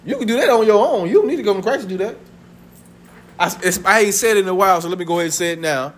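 A man's voice: high-pitched, expressive, racing. A man in his thirties preaching a sermon to his congregation, conversational and full of laughter. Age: 30s. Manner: conversational preaching with laughter and acted family voices. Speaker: pastor. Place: church sanctuary.

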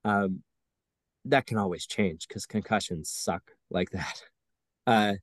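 A man's voice: on the low side, slow, dry recording, studio quality. A man hosting a podcast, talking baseball in a casual, wry, self-mocking way. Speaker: podcast host.

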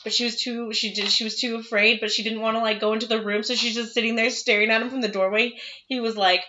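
A young woman chats casually as a podcast co-host, telling animated, swear-filled stories with frequent laughter. Her voice is bright and clear-edged, though the recording sounds somewhat dull and lo-fi. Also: fairly high pitch, fast. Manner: animated storyteller, swears freely, laughs often. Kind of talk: casual chat.

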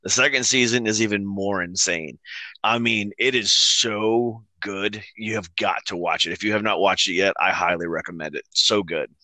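This is a man in his thirties with a lowish voice and a bright, forceful tone. He co-hosts a casual chat and rambles through anecdotes with fillers and easy laughs, recorded dry and close. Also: normal speed, no room sound. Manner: relaxed storytelling with laughs and frequent fillers. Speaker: co-host.

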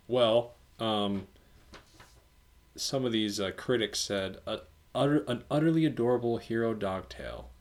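A laid-back man chatting on a podcast, his voice sitting a little low. He talks in a loose, easygoing way, tossing in slang. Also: normal speed, a little mellow. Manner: easygoing, says dude a lot, reads reviews aloud. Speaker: podcast co-host. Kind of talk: casual chat.

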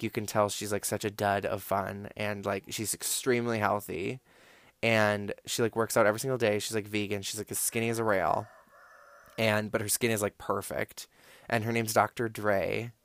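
A man's voice: lowish voice, flat delivery, moderate pace, vocal fry, a bit bright, no echo. A young man telling a casual, rambling story, full of "like" and swearing. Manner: rambling, filler-heavy, profane, lots of "like".

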